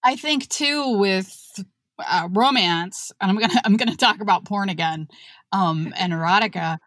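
A woman's voice: mid-range voice, normal speed, fairly bright tone, no room sound, clean studio sound. A woman, a writer who once worked at a school, telling stories bluntly and with animation in casual chat. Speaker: author and former school staff.

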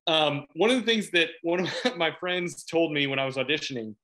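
A middle-aged man from Chicago chats as a guest in a casual interview. His voice is bright and forceful, and he laughs often. He rambles, restarting his sentences as he goes. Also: on the high side, fairly quick. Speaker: actor guest.

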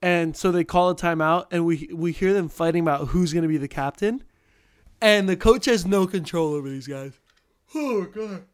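A man's voice: fairly high pitch, normal speed, clear, resonant tone, no echo, clean studio sound. A young man co-hosting a casual chat, rambling and laughing as he tells stories.

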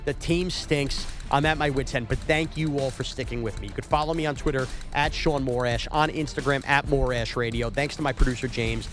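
A man's voice: mid-range voice, fairly quick, hardly any pauses, fairly bright tone, soft background music. A man hosting a solo sports podcast, venting his frustration in an emphatic, repetitive rant.

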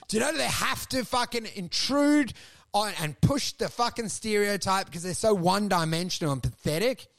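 High, gravelly-voiced man riffing. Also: normal speed. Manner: animated, profane, launches into mocking voices. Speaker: podcast host. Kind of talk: crude comedic banter.

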